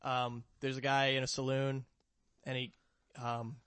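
A man's voice: mid-range voice, completely flat delivery, measured pace, a bit bright, smooth, dry recording. A man in casual chat, telling a rambling joke and laughing often at himself.

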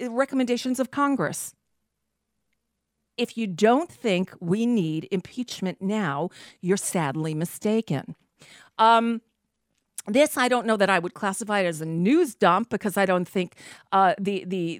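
A woman's voice: mid-range voice, no room sound. A woman hosting a political talk radio show, reading news items aloud and adding blunt, exasperated comments on a studio microphone. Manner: reads news items, then adds blunt exasperated asides.

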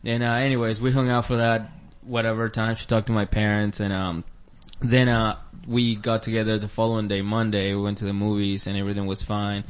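Low-voiced man telling a rambling story. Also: flat delivery, brisk, hardly any pauses, smooth. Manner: rambling, with filler words and acted-out quotes. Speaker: comedian. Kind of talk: casual storytelling among friends.

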